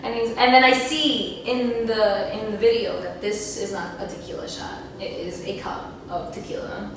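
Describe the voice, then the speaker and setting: A woman's voice: mid-range voice, moderate pace, slight background noise. A woman hosting a casual chat, animatedly telling a story and acting out what people said. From United States. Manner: animated storyteller, acts out quotes. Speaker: podcast host. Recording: echoey room, distant mic.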